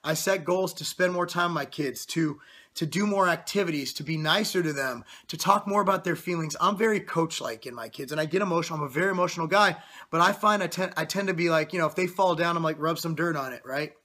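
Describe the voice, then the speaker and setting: Man in his thirties, fitness vlogger, blunt profane motivational rant; bright, husky tone. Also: on the high side, fast. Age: 30s. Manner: blunt, profane, intense pep talk.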